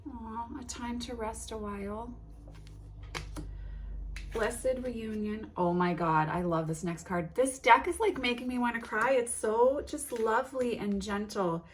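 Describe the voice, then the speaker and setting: A woman hosting a tarot unboxing, reading card titles aloud in a gentle, admiring way with soft exclamations. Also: on the high side, a little slow, a little hiss or hum. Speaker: tarot reader and channel host.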